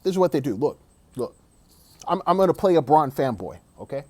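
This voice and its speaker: A man delivers an emphatic, opinionated sports rant. He hammers his points by repeating them and keeps saying "dog." His pitch jumps around a lot, and the recording is dry and close. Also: big pitch swings, fairly quick, dry recording. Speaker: sports commentator.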